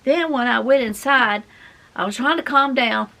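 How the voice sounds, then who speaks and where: Middle-aged woman, folksy craft vlogger, rambling chat, slight vocal fry. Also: high-pitched, normal speed, sharp tone. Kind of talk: casual chat while crafting.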